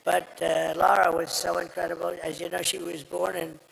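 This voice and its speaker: A man with a raspy, gravelly voice and a bright, forceful edge delivers a rambling, boastful rally speech. His voice sounds strained and worn from repeated speaking. Long reverb from the large venue trails each phrase. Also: sits high, little pitch movement, moderate pace. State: strained, tiring voice. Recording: reverberant venue with crowd noise.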